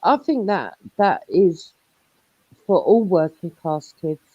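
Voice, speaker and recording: Lively, blunt woman on a dull line. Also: on the low side, takes it slowly. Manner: blunt, swears freely, laughs. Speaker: panelist. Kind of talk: casual panel chat. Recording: dull dry lo-fi sound.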